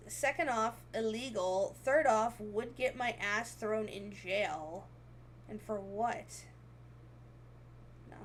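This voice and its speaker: This is a young woman's casual VTuber stream, where she reads out comments and giggles frequently. Her voice is mid-range, and a little hiss or hum sits under it.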